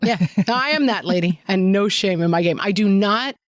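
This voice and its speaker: A woman in her fifties with a medium-pitched voice, chatting with wry humour on a podcast. The sound is dry and close, with no room around her. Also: a little fast, no room sound. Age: 50s. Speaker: podcast co-host. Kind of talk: casual chat.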